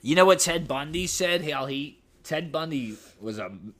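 A man's voice: a little high, expressive, normal speed, crowd noise. A young man co-hosting a casual podcast, laid-back and laughing, swearing freely as he tells stories. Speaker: podcast co-host. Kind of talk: casual chat.

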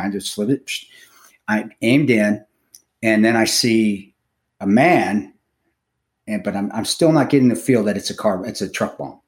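A middle-aged man on a podcast telling a personal story in a casual, halting, profane way, with many restarts. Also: fairly low pitch. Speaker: podcast co-host, former contractor.

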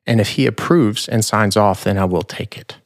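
A man quoting his frail elderly grandmother, gentle but stubborn, in a soft, plain voice close to his own. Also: on the low side, normal speed, no room sound, lightly acted. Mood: firm.

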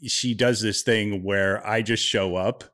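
A middle-aged man speaking in a somewhat low voice on a casual podcast. He teases his co-host with dry, deadpan humor and talks in an easy, conversational way. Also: slow pace. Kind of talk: casual chat.

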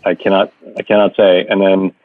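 A man speaks quickly in a low, deep register, stumbling over restarts as he chats on a podcast. His voice comes through a dry, phone-like line with a narrow, tinny sound. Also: flat delivery, no room sound. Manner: hesitant, many restarts. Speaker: podcast guest. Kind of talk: casual chat.

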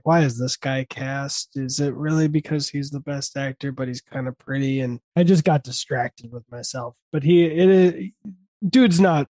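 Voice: medium pitch, warm tone, no room sound. A person co-hosting a casual chat show who rambles, laughs a lot and slips into mocking voices. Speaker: podcast co-host.

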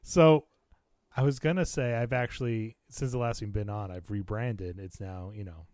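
A man's voice: lowish voice, normal speed, no room sound, clean studio sound. A man hosting a casual podcast, joking and laughing often as he chats with a guest. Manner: jokey, laughs often, lively banter. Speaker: podcast host; teacher.

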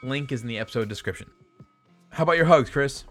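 A man hosting a casual podcast, chatty and quick to laugh, often stumbling and repeating words. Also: medium pitch, fairly bright tone, soft background music. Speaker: podcast host. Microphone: headset or desk mic over voice chat.

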